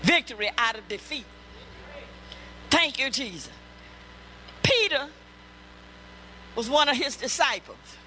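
A woman's voice: high voice, animated, takes it slowly, long pauses, sharp tone, slight background noise, rough recording. A woman pastor delivering a sermon, emphatic and repetitive, breaking into calls of praise.

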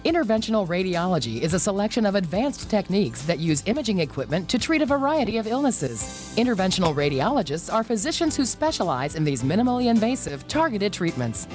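A woman voices a scripted medical commercial in a clear, measured read. Her pitch moves a lot, and faint music plays behind her. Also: very animated, a little mellow. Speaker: ad voice-over.

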